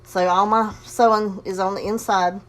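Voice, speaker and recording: Host, woman, casual crafting tutorial, folksy and talkative, mid-pitched, slightly heavy breathing. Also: steady tone, normal speed. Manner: chatty, folksy, talks herself through the steps. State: breathing heavily. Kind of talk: casual sewing demonstration.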